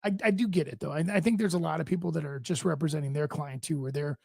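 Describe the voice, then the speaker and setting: Fast-talking gravelly man, raspy. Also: fairly high pitch, dry recording, clean studio sound. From Minnesota. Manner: blunt, animated storytelling, acts out both sides of his deals. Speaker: real estate agent, radio co-host. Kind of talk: casual studio chat. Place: radio studio.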